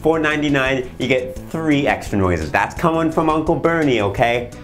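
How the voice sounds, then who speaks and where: Over soft background music, an infomercial host with a mid-range, animated voice speaks at normal speed. His comedic sales patter rambles, full of fillers and restarts.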